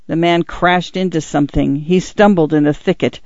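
Male audiobook narrator, fairly high voice, measured tense reading, dry and slightly dull sound. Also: fairly even intonation, a little mellow, dry recording.

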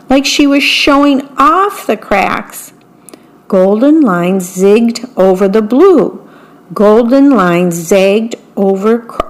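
A woman reading a picture book aloud, slowly and carefully, pausing to describe the pictures. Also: medium pitch. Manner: slow, careful, describes the pictures between passages. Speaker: storyteller.

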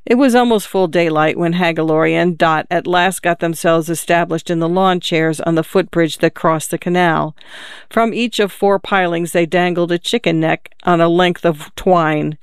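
A narrator reading a short story aloud in an even, measured way. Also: mid-range voice, clear, resonant tone, no echo, clean studio sound. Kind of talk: audiobook narration.

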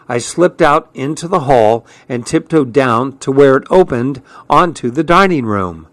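A man reading a first-person story aloud in scripted narration, measured and unhurried. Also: medium pitch, expressive, fairly bright tone, no room sound. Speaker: audiobook reader.

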